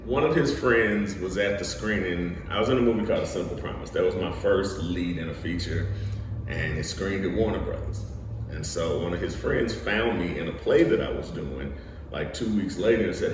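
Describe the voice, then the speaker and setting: Brief: young male actor, low voice, lively storyteller, distant mic with background noise. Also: moderate pace, heavy reverb. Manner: lively storyteller, acts out quotes. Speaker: guest, actor and studio co-founder. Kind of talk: animated storytelling interview.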